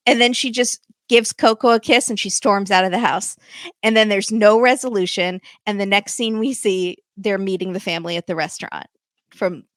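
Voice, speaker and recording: A woman guest chatting casually on a podcast, retelling a show in an animated way into a handheld microphone. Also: mid-range voice, moderate pace, no echo, clean studio sound. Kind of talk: casual chat recapping a show.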